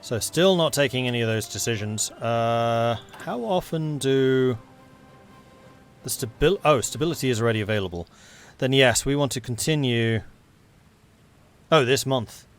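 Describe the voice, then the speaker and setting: A man's voice: mid-range voice, moderate pace, faint music behind. A man with a London accent, chatting casually as he plays through a strategy game, mumbling to himself. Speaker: gameplay streamer.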